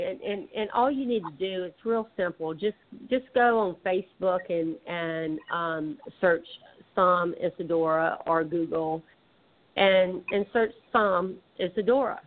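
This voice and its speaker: Woman, Southern twang, chatty guest, mid-pitched, phone-line sound. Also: slight background noise. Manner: chatty, many restarts and fillers. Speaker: guest author. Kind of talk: casual conversation.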